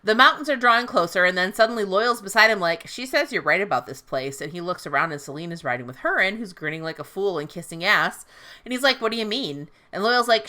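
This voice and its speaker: A woman's voice: on the low side, sharp tone. A woman casually recapping a fantasy novel on a podcast, swearing freely and paraphrasing characters in a playful, irreverent way. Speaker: podcast host recapping a book.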